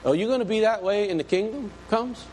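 Man, preacher, slightly high voice, dramatic loud-soft sermon, reverberant church hall, faint background noise. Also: a little fast. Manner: dramatic, swings between loud and hushed.

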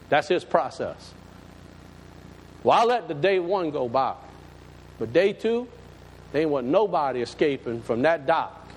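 High, lively pastor preaching. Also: male voice. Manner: folksy, emphatic, talks straight to the congregation. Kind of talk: storytelling sermon. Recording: long hall reverb, faint background noise.

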